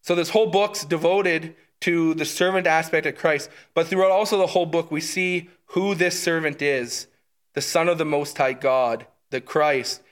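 A man's voice: fairly high pitch, fairly even intonation, moderate pace. A man teaching through a book of scripture in a conversational way, eager and often checking in with his listeners. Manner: enthusiastic, often checks in with "right?". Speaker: Bible teacher.

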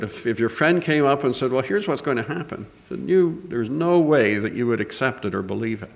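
An earnest man preaches a sermon in a mid-range voice. He lifts his voice when reading scripture, then settles into a quieter, halting manner full of small pauses. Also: mid-range voice, animated, creaky.

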